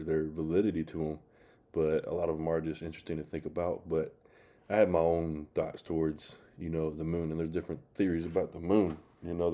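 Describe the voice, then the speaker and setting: A man's voice: a bass voice, dark tone. A man hosting his channel, rambling in casual commentary with many fillers. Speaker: channel host reacting to clips.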